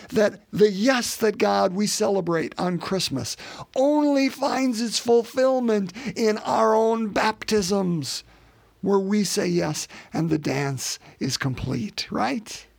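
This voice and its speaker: A man's voice: sits high, vocal fry, dry recording. A man preaching a sermon in an earnest way, with frequent restarts and rhetorical questions.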